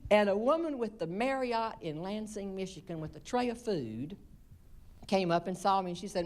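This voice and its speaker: A woman's voice: medium pitch, expressive, normal speed, darkish tone. A woman with a Southern American accent doing stand-up, telling a folksy, chatty story and teasing the audience. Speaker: humorist.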